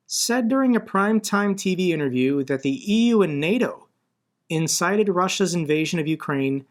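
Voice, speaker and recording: Fairly high-pitched and fairly bright, an American man talks through the news in a casual commentary video. As a political commentator, he's blunt and conversational, and his indignation rises the longer he argues.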